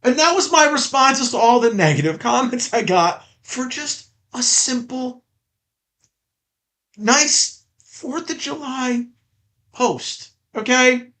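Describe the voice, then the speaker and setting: Guy host venting sarcastically, high bright voice, takes his time. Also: lively intonation, slow. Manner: exasperated, sarcastic, ranting. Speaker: podcast host. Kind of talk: casual ranting chat.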